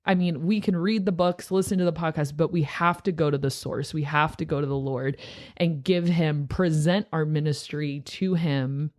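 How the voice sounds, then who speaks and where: A woman's voice: low voice, steady tone, normal speed, darkish tone. Young woman, youth pastor, earnest, chatty podcast talk, lots of fillers.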